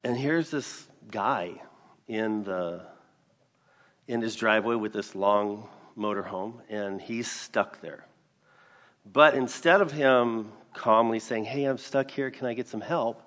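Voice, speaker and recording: Guy preaching a sermon, earnest storyteller, gets loud and emphatic, big echoey hall. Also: lowish voice, slow. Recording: long reverb of a large hall.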